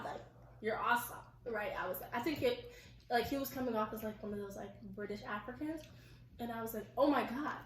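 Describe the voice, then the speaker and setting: A young woman vlogger in casual chat, rambling and chatty with lots of "like". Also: fairly high pitch. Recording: echoey room, mic at a distance.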